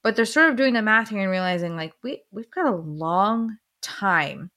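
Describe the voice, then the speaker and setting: A woman's voice: mid-range voice, animated, normal speed, sharp tone. A woman co-hosting a book podcast, retelling the plot in casual chat and acting out the characters' lines.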